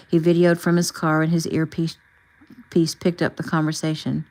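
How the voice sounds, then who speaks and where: A woman narrating an audiobook in an even, plain reading style. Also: low voice, moderate pace, low-quality recording.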